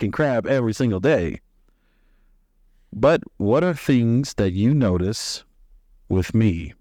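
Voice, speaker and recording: A man's voice: lowish voice, mellow, no echo, studio quality. A man hosting a casual, rambling chat with his sons, affectionate and joking. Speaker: father and podcast host.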